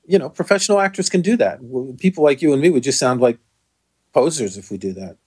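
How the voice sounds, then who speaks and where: A man's voice: mid-range voice, expressive, fast talker, a little mellow, husky. A man from the United States, a podcast guest in casual chat, musing aloud and often trailing off.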